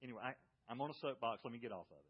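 A man's voice: medium pitch, racing, slightly rough. A male pastor, preaching a sermon and asking rhetorical questions. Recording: dull lo-fi audio.

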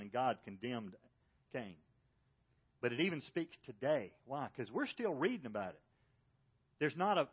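Male pastor, lively sermon delivery, dull audio. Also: mid-range voice, breathy edge. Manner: animated preaching with rhetorical questions.

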